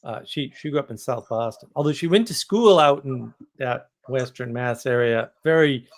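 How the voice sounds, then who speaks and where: A man chatting casually on a live stream, quick to agree and trading stories. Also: mid-range voice.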